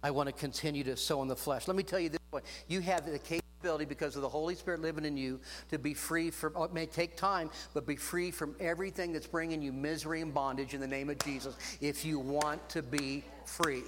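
A man's voice: fairly high pitch, steady tone, a little fast, hardly any pauses. A man preaching a sermon to a congregation, stretching phrases for emphasis and punctuating them with amens. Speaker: pastor. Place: church room with congregation.

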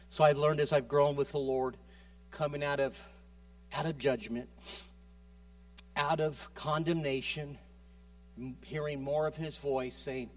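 A man preaching a sermon with passion, moving between loud urging and quiet soft passages, often repeating and restarting his words. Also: a little high, fairly even intonation, normal speed, recorded from a distance.

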